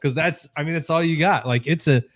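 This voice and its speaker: A middle-aged man, a podcast host, chats casually and relaxed, and laughs along easily. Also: fairly high pitch, a little fast, dry recording. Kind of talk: casual chat.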